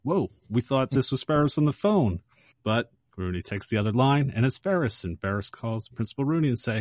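A man on a casual movie podcast, walking listeners through a favorite scene with lively storytelling. His voice sits at a middle pitch. The recording is close and dry, with no room sound. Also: moderate pace, dry recording. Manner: lively retelling of a movie scene, acting out quotes. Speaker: podcast co-host. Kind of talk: casual podcast film discussion.

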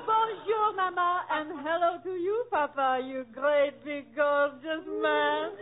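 A gushing French-accented daughter. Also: female voice, high voice, fairly even intonation, slow, phone-quality sound, some chatter behind. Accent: put-on French. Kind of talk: 1940s radio comedy acting. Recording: old radio broadcast, audience laughter.

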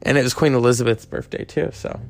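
A man's voice: mid-range voice, measured pace, vocal fry. A man hosting a podcast, chatting in a loose, joking monologue that wanders from tangent to tangent. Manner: rambling, joking, full of tangents. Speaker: podcast host. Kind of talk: casual comic monologue.

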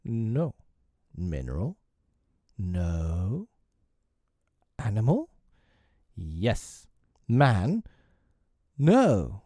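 A man voicing a boastful, gleeful boy hero with a high, crowing, taunting voice in a storybook reading. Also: wildly swooping pitch, takes it slowly, pauses often, darkish tone, no room sound, clean studio sound, full character voice. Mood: teasing.

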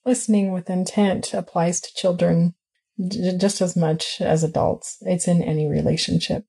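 Low, flat, husky woman interviewer. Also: normal speed. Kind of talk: conversational interview.

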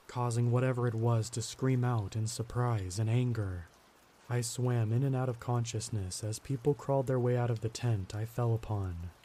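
A man narrating a first-person horror story in a steady, grim storytelling manner. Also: mid-range voice, a little hiss or hum.

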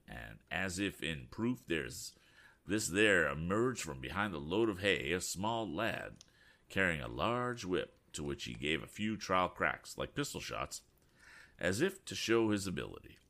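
A man narrating a storybook in an expressive, animated reading. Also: low-pitched, unhurried. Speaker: audiobook narrator.

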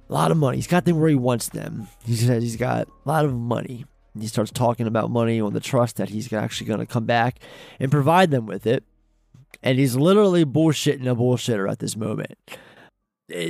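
Gravelly man casually recapping a movie. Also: mid-range voice, darkish tone, dry recording. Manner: rambling, profane retelling with many restarts; acts out characters' lines in quick quoted bursts. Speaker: podcast co-host.

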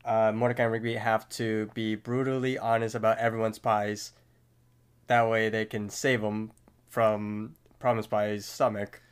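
A man's voice: fairly low pitch, little pitch movement, measured pace, smooth. A man co-hosting a podcast, steadily retelling a cartoon episode scene by scene in casual talk. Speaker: podcast co-host. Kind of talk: casual recap narration.

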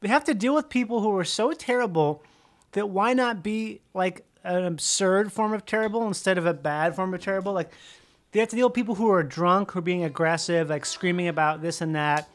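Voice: mid-range voice, a little fast. A co-host telling rambling, profane comedic anecdotes in casual chat and laughing often.

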